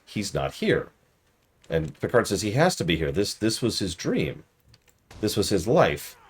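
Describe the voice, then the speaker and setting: A man's voice: on the low side, sing-song, measured pace, vocal fry, husky. A man streaming a game review in casual commentary, easily exasperated and ranting at the game while chatting with viewers.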